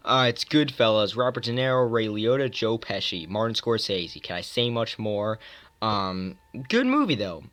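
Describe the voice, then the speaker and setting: A man's voice: lowish voice, very animated, moderate pace, a bit bright. Rambling young guy reviewing movies. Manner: rambling, lots of ums, self-mocking asides. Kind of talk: casual video review.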